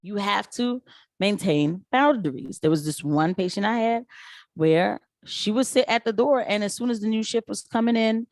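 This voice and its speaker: A woman who works as a nurse, talking casually to her viewers and telling lively stories, putting on quick voices for the people she quotes. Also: mid-range voice, no echo, studio quality. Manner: animated storytelling with quoted voices. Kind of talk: casual commentary vlog.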